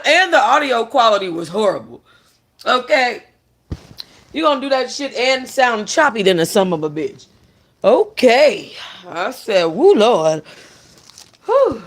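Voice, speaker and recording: A music review vlogger with an unhurried delivery and a gravelly, crackly edge to a bright, forceful tone. The talk is gossipy and blunt, full of profanity and aimed straight at the viewers. It stays opinionated and expressive throughout. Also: high voice. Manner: animated, blunt and profane, with mocking impressions.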